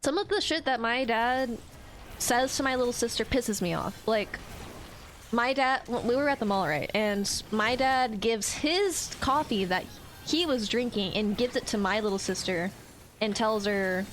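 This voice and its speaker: A woman's voice: fairly high pitch, unhurried, slight background noise, low-quality recording. A young woman streamer venting in casual chat to her viewers, swearing often and stumbling over her words. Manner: ranting, frequent swearing and restarts.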